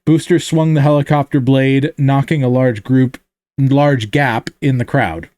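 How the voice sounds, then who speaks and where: A man's voice: mid-range voice, measured pace, no room sound. Man reading his story aloud, dry close mic. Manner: steady reading with frequent self-corrections. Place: home, online voice chat.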